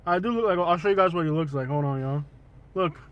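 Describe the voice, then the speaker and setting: Man, slightly high voice, teasing livestream host with loud outbursts. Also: fast. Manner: joking, teasing, with loud excited bursts. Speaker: vlog host. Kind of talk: casual livestream chat.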